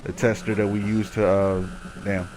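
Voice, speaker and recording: A man's voice: lowish voice, flat delivery, normal speed. Profane man ranting over gameplay. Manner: profane, rambling, gets heated while ranting. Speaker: gaming commentator. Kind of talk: casual storytelling over gameplay.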